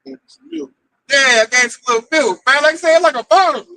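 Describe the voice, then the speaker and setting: High, bright-voiced man telling a story. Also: normal speed, no echo, poor audio. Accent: Oklahoma. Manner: animated, acts out quoted voices. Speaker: camp member telling a story. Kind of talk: casual storytelling talk.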